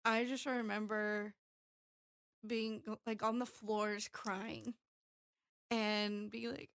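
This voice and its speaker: A woman's voice: medium pitch, little pitch movement, drawn-out words, long pauses, a bit bright, clear, resonant tone, no echo, studio quality. A woman in her thirties telling a personal story candidly in casual chat, with plenty of fillers. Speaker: podcast co-host.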